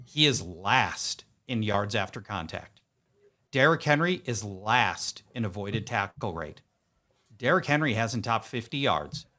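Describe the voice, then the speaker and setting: A man's voice: mid-range voice, sharp tone. A man hosting a fantasy sports podcast, reading off stats with emphatic, playful delivery. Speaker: podcast host.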